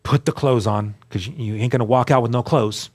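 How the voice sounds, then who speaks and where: A man telling his story as a guest, earnest and animated, acting out the dialogue he quotes. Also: mid-range voice, brisk. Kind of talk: storytelling testimony.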